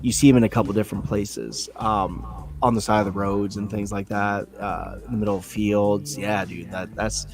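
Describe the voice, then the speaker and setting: A man co-hosting a podcast, telling a story in a rambling, profane, animated way, from New England. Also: fairly low pitch, normal speed, faint music behind. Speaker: podcast co-host. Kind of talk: casual storytelling chat.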